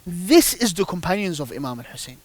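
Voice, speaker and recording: A man's voice: sits high, very animated, fairly quick. Fervent man telling religious stories. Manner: emphatic, rhetorical questions, rising intensity. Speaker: guest speaker on a religious panel. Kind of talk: religious discussion, storytelling.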